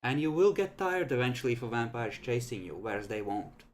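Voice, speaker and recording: Game master guy, mid voice, calm, explaining rules and narrating the rolls. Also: mid-range voice, fairly quick.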